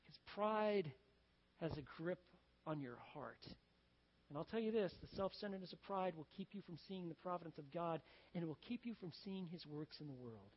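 A male pastor preaching a sermon in a conversational, storytelling way, acting out the scenes he describes. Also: high-pitched. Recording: dull sound with long reverb.

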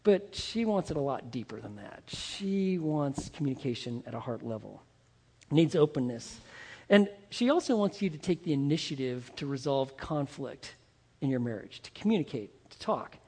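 A man's voice: medium pitch, animated, normal speed, a little mellow, slightly rough. A male pastor preaching a sermon, speaking emphatically and addressing the men in his congregation directly with rhetorical questions. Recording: long hall reverb.

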